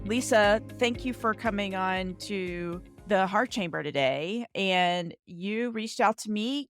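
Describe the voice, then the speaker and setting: A woman hosting a podcast, welcoming her guest warmly. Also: medium pitch, clean tone, no echo, clean studio sound. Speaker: podcast host. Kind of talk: podcast intro and interview. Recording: intro over music.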